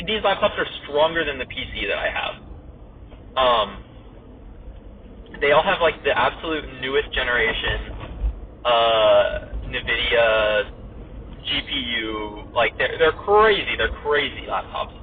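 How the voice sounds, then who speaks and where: A young man casually telling a story while driving, rambling with lots of "like" and chuckles. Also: medium pitch. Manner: rambling, heavy use of "like", laughs while telling. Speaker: podcast host. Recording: tinny phone-like audio with faint noise.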